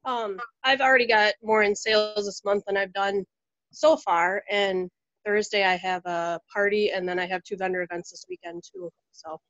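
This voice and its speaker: A woman's voice: medium pitch, animated, normal speed, fairly bright tone, no echo. A matter-of-fact woman sales rep reporting her numbers on a team call, in a mid-range voice. The call audio is dull and dry. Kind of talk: casual meeting talk.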